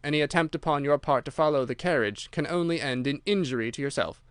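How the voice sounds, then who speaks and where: Man playing a cold young henchman, clipped warnings, smooth dry voice, audiobook. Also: fairly high pitch, fast talker, no echo, natural voice. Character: curt young male accomplice.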